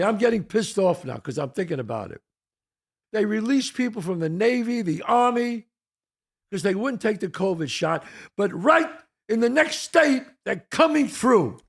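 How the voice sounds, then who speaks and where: Extremely high-pitched and animated, this older American speaks at normal speed as the host of his own podcast. Alone on the mic, he fires off a heated, profane rant full of rhetorical questions.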